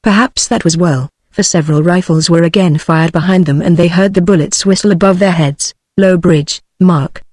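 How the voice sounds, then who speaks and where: A woman's voice: on the low side, a little fast, hardly any pauses, slightly rough, no echo, studio quality. A text-to-speech voice of a woman with a British English accent narrating an adventure novel as an audiobook. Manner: even synthetic reading.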